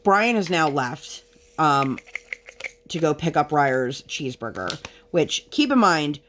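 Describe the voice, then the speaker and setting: A woman's voice: deep voice, sing-song, takes it slowly, fairly bright tone, a little hiss or hum. Exasperated chatty woman telling a story. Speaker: vlogger. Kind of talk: casual storytelling while crafting.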